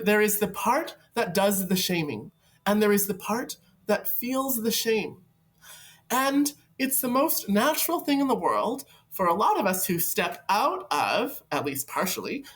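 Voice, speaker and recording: A woman hosts a casual advice video, speaking in a fairly low voice that swoops up and down. She sounds reflective and playful and keeps breaking into soft laughs. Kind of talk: casual advice talk to camera.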